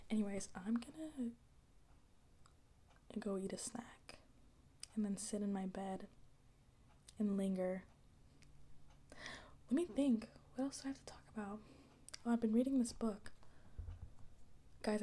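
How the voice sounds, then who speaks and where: A young woman rambles through a soft-spoken ASMR chat, full of slang and easy asides. Her voice is mellow and rounded, and she keeps dropping into breathy whispers between stretches of quiet talk. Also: mid-range voice, a little slow, long pauses. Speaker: ASMR creator.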